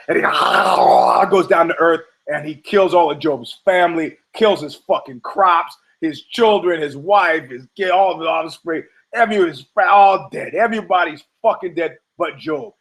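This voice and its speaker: A man's voice: on the high side, expressive, moderate pace, fairly bright tone, low-quality recording. A man hosting a podcast, delivering a rambling, profane comedic monologue and acting out quoted characters in funny voices. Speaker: podcast host.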